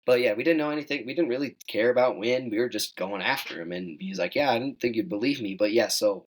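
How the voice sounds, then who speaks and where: A teenage guest hunter from Wyoming tells a hunting story in casual chat, speaking fast on a rough recording. He is animated and acts out quoted lines in a raised, higher voice.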